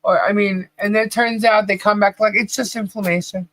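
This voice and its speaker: Animated woman telling a story, laughing. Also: mid-range voice, brisk, poor audio. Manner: animated storyteller, laughs often, reads out chat names. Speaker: podcast co-host. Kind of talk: casual livestream chat.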